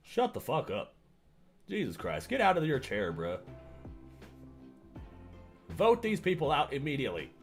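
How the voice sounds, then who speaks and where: A man doing crude, scornful reaction commentary over news clips. His pitch swings widely as he sneers and swears. Faint music plays behind him. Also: wildly swooping pitch, a little slow, long pauses.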